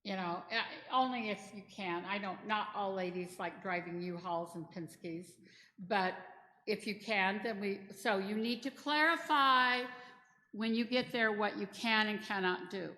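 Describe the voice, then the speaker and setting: A woman's voice: mid-range voice, measured pace, sharp tone. A middle-aged woman giving a chatty, practical training talk in a church hall, mixing in personal stories. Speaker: disaster response trainer. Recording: echoey hall with long reverb.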